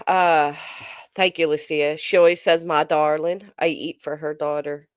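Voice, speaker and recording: This woman, a commentary channel host, has a low, smooth, steady voice and speaks a little slowly; the studio-quality audio has no echo. She chats through a casual livestream, reading viewer comments aloud and responding with lots of hesitant ums and uhs.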